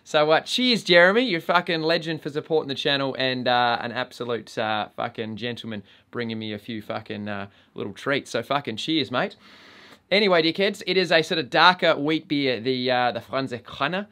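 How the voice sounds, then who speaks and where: A man's voice: medium pitch, fairly quick, pushed and bright. An Australian man talks casually to his camera, swearing in almost every sentence. His delivery is blokey and joking, like a laid-back host chatting with his regular viewers. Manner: crude, swears constantly, blokey banter. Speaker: vape reviewer and channel host. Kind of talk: casual vlog review.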